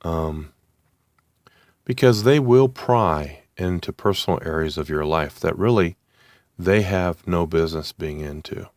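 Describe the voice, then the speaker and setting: A man talking alone to his listeners, slowly and haltingly, with many ums and restarts. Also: sits low, darkish tone, dry recording, clean studio sound. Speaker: channel host. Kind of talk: unscripted monologue to camera.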